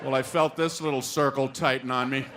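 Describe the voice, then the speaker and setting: A man stand-up comedian telling a wry, sheepish story, with awkward pauses. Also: mid-range voice, steady tone. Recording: live comedy show with audience noise.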